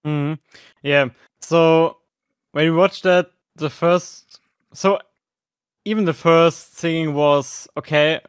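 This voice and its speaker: A man's voice: a little high, fairly even intonation, slow pace, clean tone, dry recording, studio quality. A man with a German accent co-hosting a podcast, chatting casually and hesitantly about performances, with many fillers and restarts. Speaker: podcast co-host. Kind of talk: casual chat reviewing performances.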